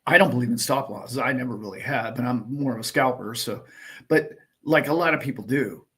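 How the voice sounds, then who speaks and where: A man's voice: medium pitch, brisk, pushed and bright, slightly rough. A man hosting a casual livestream, talking emphatically in a ranting way and firing off rhetorical questions. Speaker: livestream host.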